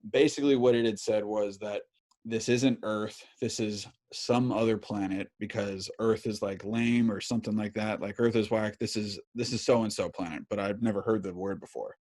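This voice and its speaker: Brief: thirties male podcast host, lowish voice, loose and profane, animated storyteller. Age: 30s. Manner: animated, swears a lot, many fillers. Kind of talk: casual storytelling chat.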